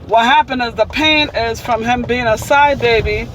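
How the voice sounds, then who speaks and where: A woman's voice: a little high, moderate pace, noisy background. A woman hosting a casual vlog, talking emphatically and preaching, repeating her points. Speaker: vlogger.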